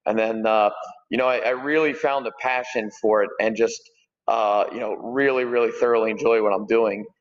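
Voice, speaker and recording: A man's voice: on the low side, steady tone, moderate pace, in a large hall, muffled recording. A man in his forties, a gym owner talking as a podcast guest in an easygoing, rambling way with lots of fillers and restarts. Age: 40s. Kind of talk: casual podcast conversation.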